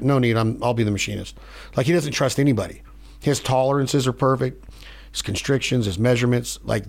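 A man hosting a podcast in a studio, telling stories in a rambling, animated way. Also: mid-range voice. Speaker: podcast host. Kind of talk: casual chat.

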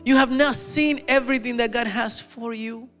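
A male preacher giving an animated sermon, telling stories and acting out the quotes. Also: very high voice, normal speed, music in the background. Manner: animated, storytelling, with acted-out quotes.

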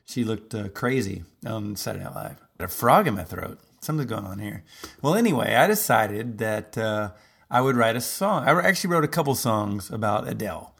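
A man's voice: lowish voice, animated, fairly quick, gravelly, fairly bright tone, slightly rough. A man hosting a podcast in a casual, rambling comedic monologue, full of fillers. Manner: rambling, chatty, lots of fillers. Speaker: podcast host.

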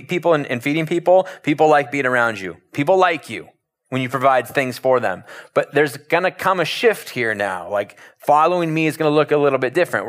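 A male pastor preaching a sermon in a conversational, animated storytelling manner. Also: on the high side.

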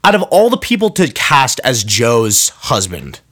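A man's voice: medium pitch, unhurried. A young man hosting his own podcast, chatting casually and rambling with many restarts and asides. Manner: rambling, self-interrupting, animated. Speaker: podcast host. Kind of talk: casual solo podcast rant.

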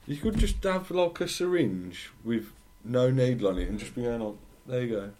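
A man's voice: mid-range voice, normal speed, a little hiss or hum. A young man hosting a casual podcast, joking and swearing with his mates. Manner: jokey, animated, swearing.

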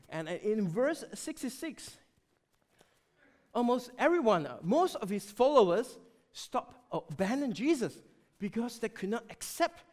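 A man preaching a sermon, emphatic and animated, often dropping suddenly to a quiet voice. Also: high-pitched.

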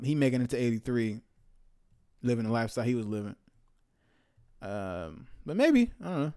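A young man, casually reacting to a news article he reads aloud. He talks with animated, profane swings between loud outbursts and mumbled asides. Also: mid-range voice, gravelly, smooth. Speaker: commentator reading a news article.

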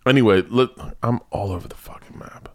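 A podcast host from the American South rambles through casual comedic chat, animated and swearing freely. His medium-pitched voice is brisk, recorded with no room sound.

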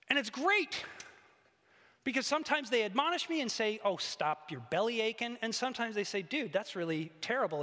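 A man preaching a sermon as pastor, animated, swinging between loud emphatic highs and hushed quiet lows. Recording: echoey church hall, long reverb.

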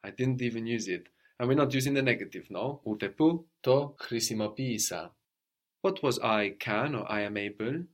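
A man's voice: medium pitch, normal speed. A man teaching a language lesson, patiently prompting his student and often checking with a questioning "no?".

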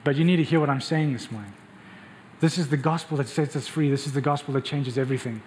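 A man's voice: medium pitch, fast talker, a little mellow, a little hiss or hum. A man preaching a passionate, emphatic sermon and speaking directly to his congregation in a church. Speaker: pastor.

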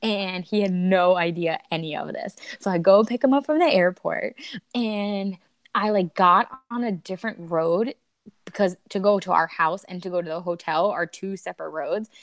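A woman's voice: fairly low pitch, normal speed, dry recording. A woman in her thirties, a podcast guest, candidly and emotionally retelling a personal story with bursts of laughter.

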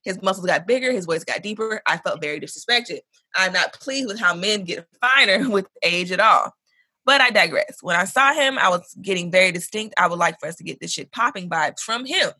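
A woman co-hosting a casual podcast, reading a listener's email aloud in an animated, profane way with African American English. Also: medium pitch, a little fast, slightly rough, no room sound. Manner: animated, profane, laughs often. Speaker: podcast co-host.

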